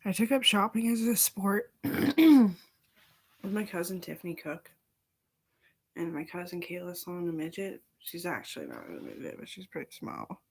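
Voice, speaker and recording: Rambling woman, loud then whispering. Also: on the low side, very animated, normal speed, slightly rough. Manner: rambling, swears often, drifts between loud talk and whispers. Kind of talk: rambling personal vlog.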